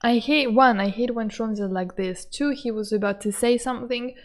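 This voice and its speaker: A young woman commenting excitedly while playing a game, gushing and laughing often. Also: on the high side, moderate pace. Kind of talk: excitable let's-play commentary.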